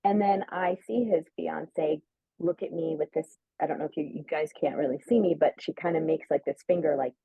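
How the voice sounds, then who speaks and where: A woman's voice: deep voice, steady tone, fairly quick, husky, dry recording. A woman telling a personal story in casual chat, full of "like" and acting out quoted lines. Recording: narrow phone-like sound, dry.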